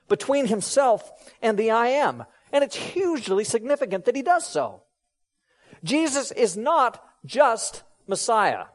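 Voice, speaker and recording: Animated, high-voiced male preacher. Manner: animated, swings from loud emphasis to hushed low tones. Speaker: pastor. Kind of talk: sermon.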